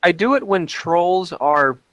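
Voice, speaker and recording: A man's voice: sits high, animated, takes it slowly, a crowd in the background, rough recording. A man in casual chat, easygoing, telling anecdotes.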